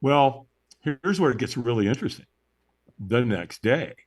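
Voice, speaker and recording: A man being interviewed on a podcast tells a story with great animation. His pitch swings widely as he acts out each moment, and he keeps checking in with his listener. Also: animated, a little slow. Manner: checks in with tag questions like "right?". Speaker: interview guest.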